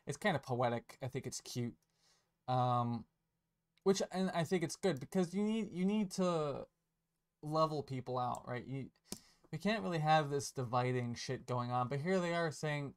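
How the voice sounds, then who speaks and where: A man's voice: on the high side, animated, normal speed. A man giving a casual commentary rant, sarcastic and profane, rambling and correcting himself as he goes. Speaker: online commentator.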